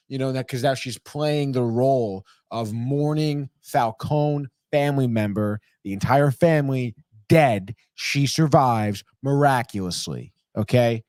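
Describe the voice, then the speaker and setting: A man hosting a podcast, giving a rambling, profane, animated recap of a TV episode and dropping into quick impressions. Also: mid-range voice, no echo, studio quality. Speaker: podcast host. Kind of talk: casual recap chat.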